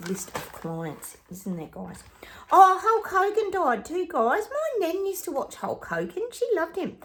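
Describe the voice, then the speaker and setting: An Australian woman chatting casually to her viewers, exasperated and gossipy, often calling them "guys". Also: medium pitch. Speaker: psychic vlogger. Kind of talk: casual opinion chat to viewers.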